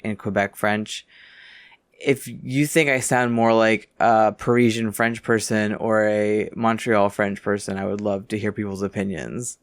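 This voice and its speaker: A man's voice: fairly low pitch, clean tone, no room sound. An American man giving a casual, self-deprecating tour of his home library, reading titles aloud. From United States. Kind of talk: casual chat.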